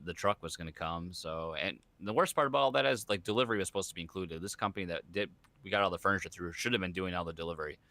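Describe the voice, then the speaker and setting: A man's voice: low voice, bright, forceful tone, no echo. A man co-hosting a casual podcast, rambling about his week and trailing off mid-thought. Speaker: podcast co-host. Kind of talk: casual chat.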